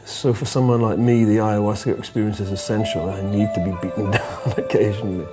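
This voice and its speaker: A man speaking as an interview guest, telling a reflective story in a halting way, often repeating words and laughing softly. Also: on the low side, fairly even intonation, loud music behind the voice.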